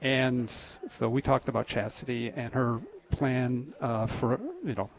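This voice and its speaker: Earnest gravelly-voiced man. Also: medium pitch, fairly even intonation. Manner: halting, many restarts and ums, earnest. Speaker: guest. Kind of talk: casual testimony on a radio show.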